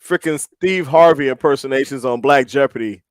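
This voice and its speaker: Podcast co-host: a Chicago-raised man with an animated, profane storytelling style, dry close mic. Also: medium pitch, normal speed, clear, resonant tone, dry recording. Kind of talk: casual chat.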